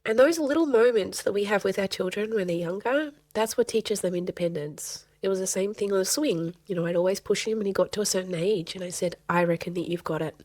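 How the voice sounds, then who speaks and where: A middle-aged woman counselor who is a guest on a podcast, speaking earnestly and gently and repeating phrases for emphasis. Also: medium pitch, a little fast, hardly any pauses, no echo. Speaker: family and child counselor guest. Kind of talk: podcast interview conversation.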